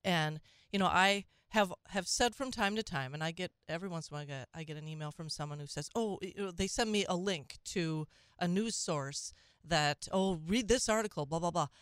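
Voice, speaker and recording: A woman's voice: lowish voice, a little fast, hardly any pauses, fairly bright tone, clean tone, no room sound, clean studio sound. A woman hosting a call-in talk radio show, speaking conversationally with frequent restarts and asides.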